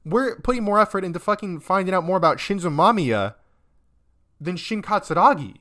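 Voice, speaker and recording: A man's voice: sits high, lively intonation, fairly quick, sharp tone. A young man playing a game and commenting on it, upset and close to tears, who swears constantly and rants in broken, trailing sentences. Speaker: let's-play gamer.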